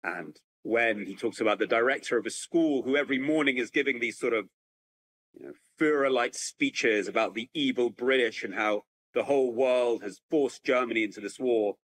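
A man giving a public lecture, telling a story in a lively, animated way with frequent restarts. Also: fairly low pitch, moderate pace, low-quality recording. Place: at home with a computer, remote talk.

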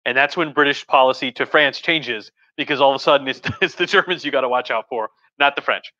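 A man's voice: medium pitch, fairly quick, sharp tone, dry recording. A man, a history professor, giving a casual, rambling talk while a bit tipsy, full of fillers, restarts and jokey asides, recorded at home. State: tipsy from drinking. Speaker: history professor live-streaming. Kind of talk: casual lecture chat. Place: home living room with a couch. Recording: dull lo-fi stream audio.

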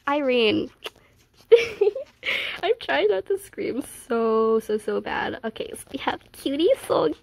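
A woman chatting casually while unboxing a haul, gasping and squealing with fan excitement and sometimes dropping to a whisper. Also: high voice, normal speed, gravelly, no echo, rough recording. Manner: gasps and squeals often, gushing fan excitement; drops to a whisper at times.

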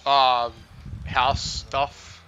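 A man's voice: medium pitch, flat delivery, very slow, bright, forceful tone, dull audio, a little hiss or hum. A young man, chatting casually and swearing often while live streaming a game. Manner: swears often, laid-back. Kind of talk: casual gaming chat.

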